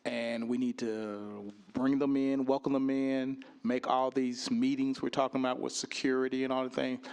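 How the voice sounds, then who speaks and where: A man with a mid-range voice speaks earnestly and plainly at a school board meeting. His remarks press for action without fuss, set in a meeting room. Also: medium pitch. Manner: earnest, plain-spoken urging.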